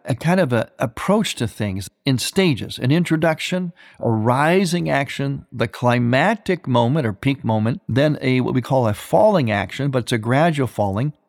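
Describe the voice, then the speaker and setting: A male priest speaks on a radio program in a steady middle register. He teaches reflectively and circles back over his phrases as he builds each point. The studio sound is close and dry. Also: mid-range voice, no echo.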